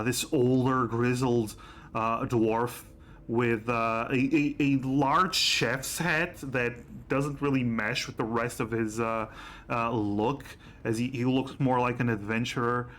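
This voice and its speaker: A man narrating a tabletop game as game master, halting and restarting with many fillers. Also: mid-range voice, fairly bright tone.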